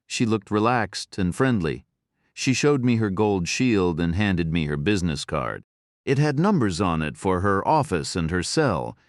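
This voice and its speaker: A man narrates a first-person thriller audiobook in a steady, matter-of-fact way. His voice is very low. The recording is close and dry, with no room sound. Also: dry recording.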